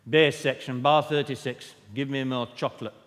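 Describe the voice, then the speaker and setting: A man voicing a blunt Northern English male chorus director who barks loud, clipped commands to his singers, in an echoey hall. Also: medium pitch, steady tone, moderate pace, close to an everyday voice. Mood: bossy.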